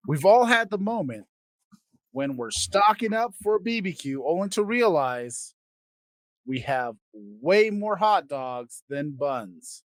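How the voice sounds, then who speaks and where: A man hosting a comedy podcast, ranting crudely and swinging between loud outbursts and quiet asides. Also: on the high side, lively intonation, slow, dry recording. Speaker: podcast host. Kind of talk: comedic rant.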